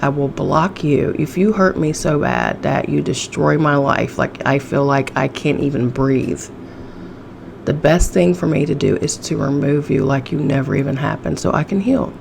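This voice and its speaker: A woman's voice: low-pitched, normal speed, creaky, a little mellow, a little hiss or hum. A woman hosting a casual solo podcast, sassy and profane, laughing often, with a chesty cough. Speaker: podcast host.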